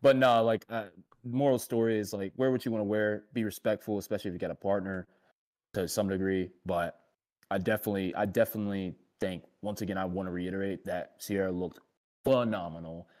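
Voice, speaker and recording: Young guy cohosting a chat show, lowish voice, rambles, lots of um and like. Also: steady tone, fairly quick, a little mellow. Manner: rambling, many fillers and restarts, giggly. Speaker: podcast co-host. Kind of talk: casual panel chat.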